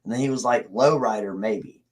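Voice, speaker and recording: A man's voice: lowish voice, a little fast. A man hosting a casual livestream, rambling and swearing as he greets viewers in the chat. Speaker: livestream host.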